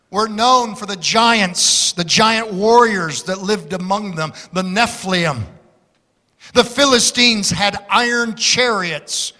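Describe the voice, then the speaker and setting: A man's voice: high-pitched, pushed and bright, long reverb tail. A man preaching a sermon as pastor, emphatic, repeating key words for stress.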